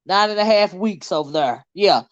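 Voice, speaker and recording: A woman's voice: mid-range voice, animated, moderate pace, no room sound, dull audio. A woman hosting a casual live stream, laughing often, teasing her chat and getting sidetracked as she reads comments. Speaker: livestream host.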